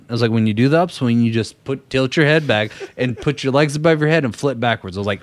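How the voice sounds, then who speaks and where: A young man hosting a casual podcast, telling stories in an animated way and laughing often. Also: medium pitch, quick pace, few pauses, dry recording. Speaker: podcast host. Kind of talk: casual chat.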